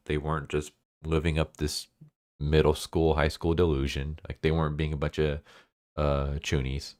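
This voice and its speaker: A man with an extremely deep voice walks through an anime's plot in a loose, rambling way, dropping fillers as he goes. The sound is dry and close to the mic, with no room around it. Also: moderate pace, no echo. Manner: loose, filler-heavy storytelling. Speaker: anime video host. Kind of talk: casual plot recap.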